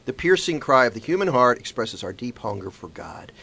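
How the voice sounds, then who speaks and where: A man's voice: mid-range voice, big pitch swings, a little fast, gravelly, sharp tone, slightly rough. A man hosting a morning radio show who jokes and laughs with co-hosts, then reads scripture and devotional reflections in an earnest way. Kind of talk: casual morning radio chat and devotional reading. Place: radio studio.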